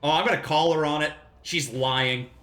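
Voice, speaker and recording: A man's voice: a little high, normal speed, a bit bright. A man casually commenting while playing a video game on a live stream, joking, laughing often and swearing freely.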